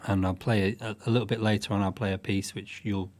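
Low-voiced musician, halting. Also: male voice, flat delivery, darkish tone. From northwest England. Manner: thoughtful, halting, with restarts. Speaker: guest musician. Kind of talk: relaxed interview chat.

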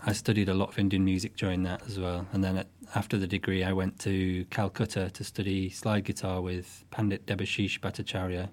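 A man from northwest England, a guest musician speaking thoughtfully in a relaxed interview, with many restarts. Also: sits low, brisk, hardly any pauses.

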